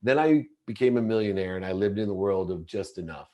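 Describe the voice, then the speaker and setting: A man's voice: lowish voice, a little fast, mellow. A middle-aged man, a podcast guest, telling a personal story in an earnest, intense way and often restarting mid-sentence. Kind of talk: confessional storytelling in an interview.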